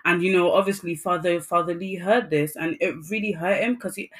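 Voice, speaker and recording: Animated, effusive woman co-host. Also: fairly low pitch, fairly quick. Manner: effusive, animated storytelling with many fillers. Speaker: podcast co-host. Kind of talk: casual chat reviewing a drama.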